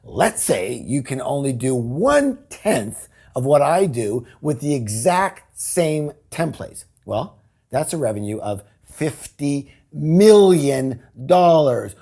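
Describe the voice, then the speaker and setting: Male seminar trainer, mellow husky voice, punchy and emphatic, drills key words with the crowd. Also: medium pitch, very animated, slow. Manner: emphatic, repeats words for effect, call-and-response with audience. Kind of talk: high-energy sales pitch to a live audience.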